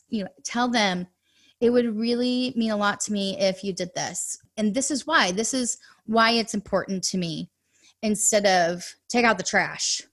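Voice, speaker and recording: A woman in her thirties, a money coach, chatting as a guest on a podcast interview and telling stories with quick asides. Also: medium pitch, a bit bright.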